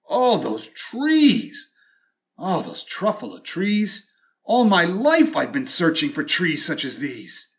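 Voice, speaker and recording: A man reading a rhyming storybook aloud with an expressive, drawn-out delivery. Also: high-pitched.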